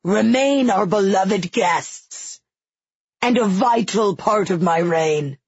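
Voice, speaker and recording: Brief: a woman reading as a raspy ancient king, commanding, slow and breathy, storybook. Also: mid-range voice, dry recording, muffled recording, heavily acted.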